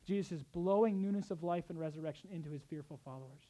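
A man preaching a sermon as pastor, swinging between soft, tender passages and loud, urgent exhortation, with conversational asides. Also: on the high side, fast. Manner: acts out quoted speech in conversational asides.

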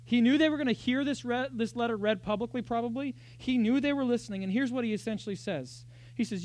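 A man with a high voice preaches a sermon in a church. He talks in a lively, conversational way and keeps asking the congregation rhetorical questions. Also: quick pace, hardly any pauses. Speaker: pastor.

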